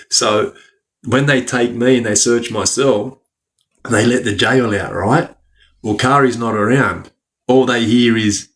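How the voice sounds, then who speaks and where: Man, casual storytelling, slangy, swears, laughs a lot, mid pitch. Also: measured pace. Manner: animated, laughs often, tags lines with 'right?'. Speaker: podcast guest.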